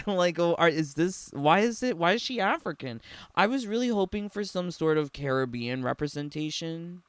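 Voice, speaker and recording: Here a young man offers sarcastic, laid-back reactions to a game trailer, laughing frequently and leaning heavily on the filler "like." He speaks at a moderate pace in a slightly high, smooth voice with lively intonation, and there's no echo.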